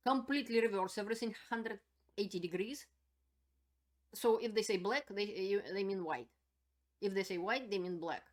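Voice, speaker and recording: A woman hosting her own channel, giving spoken political commentary in an indignant, emphatic way and repeating her points. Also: medium pitch.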